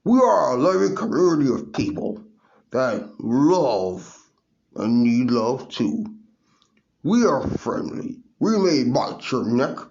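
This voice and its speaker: Brief: man playing a howling werewolf salesman, slow and gravelly, wildly swinging pitch, lo-fi. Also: darkish tone. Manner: rambling sales pitch broken by howls. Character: friendly male werewolf salesman who howls. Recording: dull lo-fi recording.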